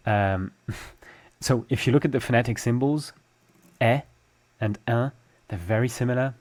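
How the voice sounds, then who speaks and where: A man's voice: on the low side, darkish tone. A young adult man with a French accent, teaching a language lesson and patiently explaining step by step with examples. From France.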